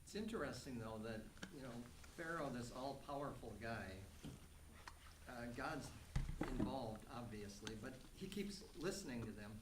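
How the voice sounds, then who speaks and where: A man's voice: medium pitch, animated, normal speed. A man in the class adding a thoughtful comment, heard from across the room. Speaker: class participant. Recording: distant, roomy and noisy.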